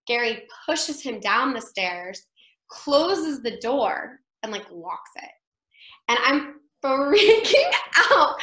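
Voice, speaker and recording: A woman actress telling an anecdote as an interview guest, animated and chatty, laughing often and acting out what others said. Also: fairly high pitch, echoey room, rough recording.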